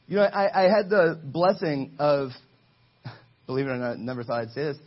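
Husky preaching man, urging his church. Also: a little high, normal speed, lo-fi sound. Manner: energetic, exhorting the congregation, calls for responses. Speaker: pastor. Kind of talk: sermon. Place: church sanctuary.

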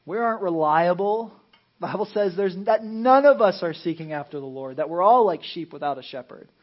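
A male pastor preaching a conversational sermon. He drops to a hush for emphasis and acts out Bible scenes in playful voices. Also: sits high, animated, a little fast, muffled recording.

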